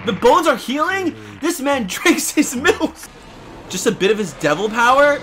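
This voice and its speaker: A young man reacting to an anime episode out loud, excitable and slangy, shouting and laughing at the screen. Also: extremely high pitch, measured pace, a little hiss or hum. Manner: slangy casual talk. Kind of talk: live reaction commentary.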